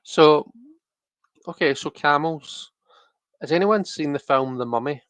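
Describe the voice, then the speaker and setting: A man's voice: fairly high pitch, measured pace, a bit bright, no echo. A man hosting a casual tarot livestream, rambling and chatty with lots of restarts and fillers, talking straight to his viewers. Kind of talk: casual chat to live viewers.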